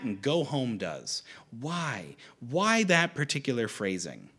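A man's voice: fairly high pitch, fairly bright tone. A man preaching a sermon in a conversational way, often restarting his sentences. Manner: conversational, with frequent restarts and fillers.

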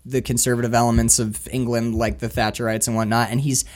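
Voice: mid-range voice, flat delivery, quick pace, a little mellow. A speaker from the United States telling rambling stories and chatting casually about a film, acting out the lines of people in the tales. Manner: rambling storyteller, acts out quotes. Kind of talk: casual chat reviewing a film.

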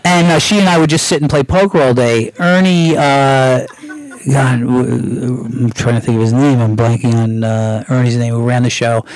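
A man's voice: medium pitch, fairly even intonation, normal speed, low-quality recording. A middle-aged American man, a guest screenwriter, casually telling anecdotes with lots of restarts and acted-out quotes.

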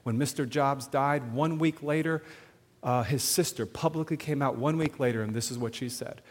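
A man preaching to a live audience on sharing faith, animated, often asking the crowd questions and checking in with "okay?". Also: mid-range voice, normal speed. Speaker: evangelism speaker. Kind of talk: sermon-style teaching to an audience. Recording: long hall reverb.

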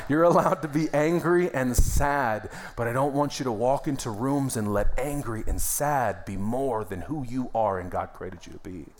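A man's voice: mid-range voice, moderate pace, few pauses, slight background noise. A young adult man, a pastor, preaching a sermon in a church in a conversational, emphatic way with calls of amen. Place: church sanctuary.

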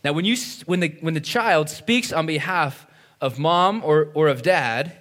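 A pastor delivering a conversational sermon, often asking "right?" and acting out quoted voices. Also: male voice, on the high side, a little slow, a bit bright.

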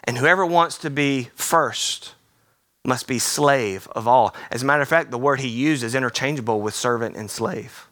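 A man preaching a sermon in a theater, energetic and playful, slipping into quick voices. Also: mid-range voice, dry recording, studio quality. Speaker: pastor.

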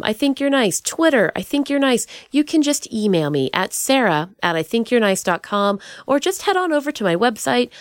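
A woman's voice: fairly high pitch, no room sound, clean studio sound. A woman hosting her podcast, chatting casually with bubbly, playful energy and goofy asides. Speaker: podcast host.

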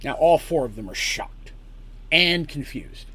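A man's voice: fairly high pitch, expressive, unhurried, sharp tone, slightly rough. A man narrating a tabletop story as game master, casual and explanatory, with frequent asides.

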